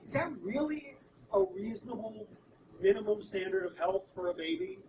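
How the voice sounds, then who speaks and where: High, lively middle-aged man doing stand-up. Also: moderate pace. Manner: storytelling with deadpan punchlines. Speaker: stand-up comedian. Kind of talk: stand-up routine. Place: live comedy stage. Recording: distant mic with room noise.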